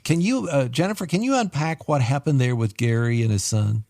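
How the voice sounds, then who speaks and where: A man co-hosting a radio talk show, asking guests questions in a smooth, measured announcer delivery. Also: medium pitch, darkish tone, no echo, studio quality. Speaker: radio co-host and interviewer. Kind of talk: radio interview.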